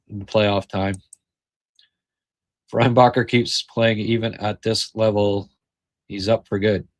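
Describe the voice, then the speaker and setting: A middle-aged man with an Ottawa Valley accent hosting a casual hockey podcast, speaking haltingly with frequent pauses and fillers. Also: lowish voice, no echo. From Ottawa Valley, Canada. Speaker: podcast host. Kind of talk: casual post-game hockey chat, reading viewer comments.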